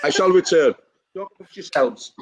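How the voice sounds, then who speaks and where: This guest from England is a fan who has taken over the show, bantering casually and cheekily on a video call and laughing as he tells his stories. He speaks at a normal speed in a slightly high, expressive voice, and there's a little hiss or hum in the audio.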